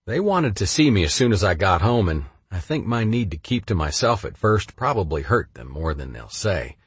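A man narrating his memoir in the first person, blunt and profane, swinging between flat and heated. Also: low-pitched, moderate pace, husky, dry recording.

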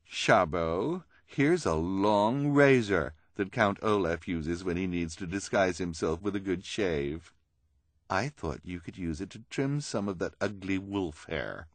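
A man's voice: deep voice, animated, unhurried, no room sound. A man putting on a haughty scheming woman villain. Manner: haughty, sharp. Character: vain scheming glamorous adult woman villain.

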